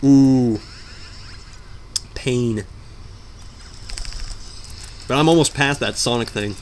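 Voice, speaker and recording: A man's voice: medium pitch, drawn-out words, slight background noise. A young man doing let's play commentary while gaming, rambling and joking with melodramatic outbursts. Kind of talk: game commentary.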